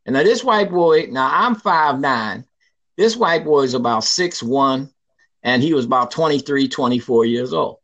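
A man in his sixties telling a personal story in an interview, lively and emphatic, acting out what people said. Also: mid-range voice, normal speed, dull audio. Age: 60s. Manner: lively, emphatic storyteller who acts out quoted lines.

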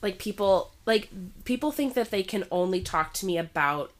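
A young woman, a pregnant teacher, chatting casually with friends, animated and swearing, jumping into raised voices when she quotes people. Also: mid-range voice, moderate pace. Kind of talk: casual chat.

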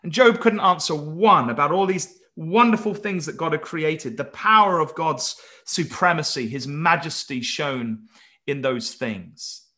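A man's voice: a little high, expressive, unhurried, sharp tone. A man preaching an earnest Bible-study sermon, emphatic and stumbling into restarts as he presses his points.

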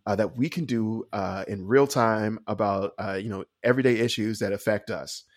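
A man's voice: fairly low pitch, moderate pace, no echo, studio quality. A man co-hosting a comedy podcast, chatting casually, rambling with fillers and frequent laughter. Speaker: podcast co-host.

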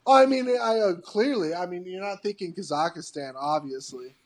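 A man's voice: high-pitched, moderate pace, a little mellow. A man co-hosting a podcast in casual chat, presenting trivia with a playful buildup. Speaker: podcast co-host.

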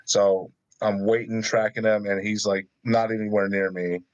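Low-voiced laid-back man, dull dry sound. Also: level tone, moderate pace, no room sound. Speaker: podcast co-host. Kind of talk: casual profane chat.

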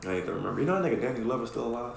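Gravelly man telling a story in an echoey room. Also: mid-range voice, very fast, a little hiss or hum. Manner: animated, profane storyteller who acts out quotes. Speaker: podcast co-host. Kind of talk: casual storytelling chat. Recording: echoey room with faint ambience.

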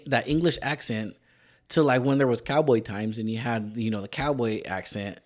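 A man's voice: medium pitch, normal speed, a little mellow. A man from California with a Mexican-American Californian accent and a slight lisp, rambling and laughing as a podcast co-host in casual chat. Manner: rambling, laughs often, restarts sentences.

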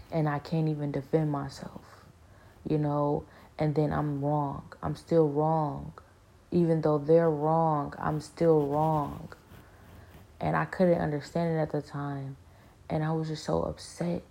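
A woman speaks in a low, flat, gravelly voice with a dark, mellow tone. She tells a personal spiritual story earnestly, stopping and restarting her sentences and leaning on fillers as she thinks aloud. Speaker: speaker sharing a spiritual experience. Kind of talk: personal testimony, casual monologue.

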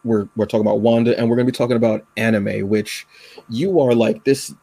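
A man's voice: fairly low pitch, steady tone, fast talker, creaky, warm tone, husky, no room sound. A man hosting a podcast, chatting casually and emotionally, rambling with many restarts and fillers. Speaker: podcast host. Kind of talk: casual chat.

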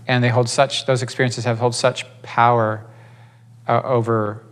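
A man's voice: medium pitch, little pitch movement, moderate pace. A man leading a church class, teaching and telling stories informally, rambling with restarts and acting out quotes.

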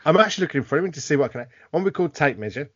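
British man, husky voice, lively pitch, giggly sweary drunk podcast chat, dry dull audio. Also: rapid-fire, no echo. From Britain. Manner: laughs a lot, swears, loose mock-Cockney banter. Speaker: podcast co-host.

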